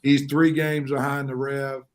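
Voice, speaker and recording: A man's voice: medium pitch, level tone, a little slow. A man hosting a casual sports talk show, speaking with emphatic, preacher-like delivery. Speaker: show host.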